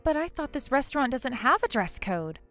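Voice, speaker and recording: A woman voicing a gentle, considerate young adult daughter who speaks in a soft, supportive, earnest way. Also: high voice, big pitch swings, brisk, faint music behind. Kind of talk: animated story voice acting.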